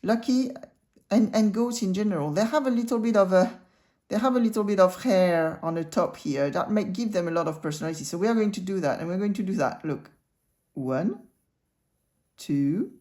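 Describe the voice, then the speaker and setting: A woman hosting a casual cartoon drawing lesson, talking the viewer through every line she draws. Her voice sits a little low, and her tone is relaxed and chatty. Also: moderate pace. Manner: chatty, talks the viewer through each stroke.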